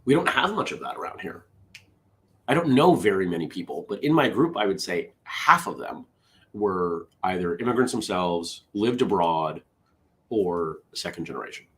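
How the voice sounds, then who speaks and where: A man's voice: low-pitched, expressive, moderate pace. A man hosting a casual solo morning show. He rambles, interrupts himself, and drifts into side stories between the jokes he reads aloud.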